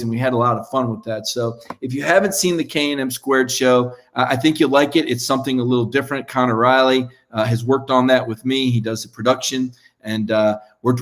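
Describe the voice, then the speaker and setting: A man's voice: medium pitch, a bit bright. Male sports host, chatty and rambling, closing a live show. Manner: chatty, rambling with fillers and restarts. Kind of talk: live show sign-off monologue.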